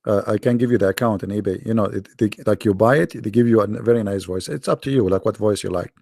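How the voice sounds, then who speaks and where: A man's voice: lowish voice, quick pace, vocal fry, dark tone, dry recording, clean studio sound. A man hosting a live call-in debate in a mocking, sarcastic way, his voice worn out from talking for hours. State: tired, worn-out voice.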